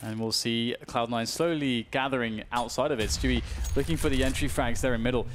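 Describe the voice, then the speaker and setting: A man with a British accent giving live play-by-play commentary on an esports match, measured at times and breaking into excited yells on big plays. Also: mid-range voice, background noise.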